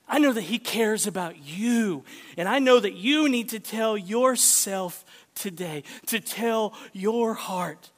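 A male pastor preaching a sermon, self-deprecating and conversational, dropping to hushed whispers for emphasis. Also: sits high, lively intonation, slow pace. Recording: long hall reverb.

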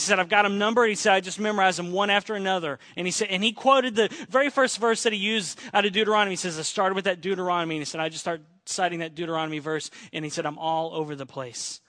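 A man's voice: high-pitched, no echo. A man preaching a sermon to his church, telling a story in earnest and quoting a friend's words. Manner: earnest storytelling, quoting a friend, shifting between excited and hushed. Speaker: pastor.

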